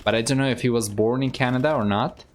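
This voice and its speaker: A man's voice: mid-range voice, fairly even intonation, fast talker, faint music behind. A man from Argentina with an Argentine accent, giving easygoing live commentary on a strategy game and chatting with viewers, with Spanish as his first language. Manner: easygoing, thinks aloud, chats with viewers. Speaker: game caster and streamer.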